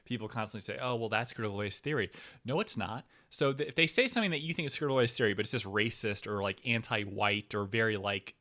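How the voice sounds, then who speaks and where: A man hosts a comedy show in a loose solo monologue. His voice is bright and forward, and he rambles from one tangent to the next. He fills gaps with fillers and false starts. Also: lowish voice, expressive, fast. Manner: rambling, tangents, frequent fillers and restarts, sudden whispers. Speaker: podcast host.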